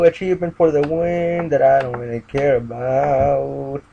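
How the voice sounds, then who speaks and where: A man's voice: a little high, quick pace, hardly any pauses, warm tone. A man giving casual gameplay commentary, muttering to himself and chanting sing-song refrains. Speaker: gamer. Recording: dull lo-fi mic with light noise.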